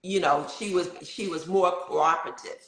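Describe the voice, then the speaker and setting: A middle-aged woman in casual conversation, an animated storyteller who acts out the voices she quotes. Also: lowish voice, moderate pace, roomy sound. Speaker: guest sharing birth stories.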